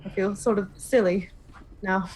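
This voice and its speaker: A woman playing an eager, self-deprecating adventurer in a tabletop game, talking quickly and sheepishly. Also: medium pitch, steady tone, a little mellow, slight background noise, lightly acted, poor audio. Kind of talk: in-character role-play.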